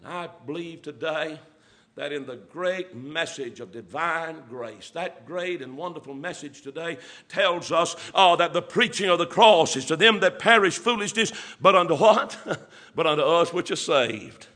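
A preacher man delivers his sermon in a high, bright, forceful voice. He drags his phrases with frequent "uh" pauses, then pushes up into emphatic bursts. His delivery is earnest and old-fashioned. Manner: preaching with rising, emphatic bursts and many "uh" fillers.

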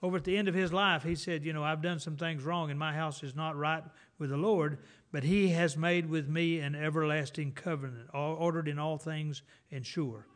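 Middle-aged male preacher, slightly high voice, folksy storytelling sermon, slow emphatic scripture reading. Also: fairly even intonation. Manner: folksy, conversational preaching with personal anecdotes; reads scripture slowly and emphatically.

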